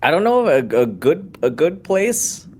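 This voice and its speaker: A podcast guest answering a question in a hesitant, thoughtful way. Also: male voice, fairly high pitch, big pitch swings, moderate pace, darkish tone, a little hiss or hum.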